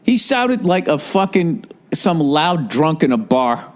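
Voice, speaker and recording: A man in his forties delivers a comedic podcast rant, full of sarcasm and swearing. His voice sits a little on the high side for a man, and he talks in an animated way. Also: measured pace, hardly any pauses. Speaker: podcast host.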